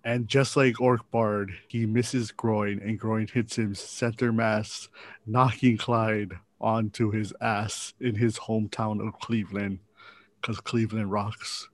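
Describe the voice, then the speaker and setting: A man's voice: fairly low pitch, level tone, slow. A man narrating as game master of a tabletop game, with joking asides and frequent laughs.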